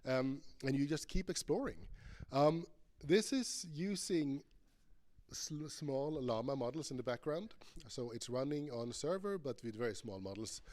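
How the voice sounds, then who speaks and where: Male conference speaker, playful, chatty, lots of ums, mid-pitched. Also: lively intonation, a little slow, a little mellow. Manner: playful, thinking aloud with many fillers. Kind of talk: live conference talk with game demo.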